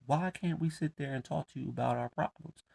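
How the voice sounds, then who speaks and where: A man's voice: a little high, brisk, creaky, a little mellow, husky. A man with ranting bluntly and heatedly, with lots of profanity. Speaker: commentator. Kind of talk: casual rant to camera.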